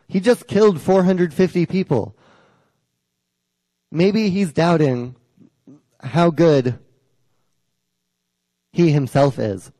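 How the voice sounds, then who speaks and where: A young man delivers a sermon, first reading scripture and then retelling it in plain, casual storytelling. His voice sits a little high but sounds warm and soft. The sound is close and dry, with no room around it. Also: dry recording, long reverb tail, poor audio. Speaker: preacher.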